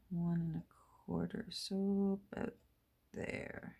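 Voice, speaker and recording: A middle-aged woman chatting casually while she crafts at home, rambling along and murmuring soft asides to her materials. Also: on the low side, steady tone, slow pace, vocal fry, slight background noise. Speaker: junk journal crafter and vlogger.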